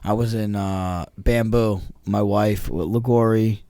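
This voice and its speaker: A man's voice: fairly low pitch, steady tone, unhurried, dark tone, no room sound, studio quality. A man, co-hosting a podcast and telling a story in casual, profane chat, acting out the quotes. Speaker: podcast co-host.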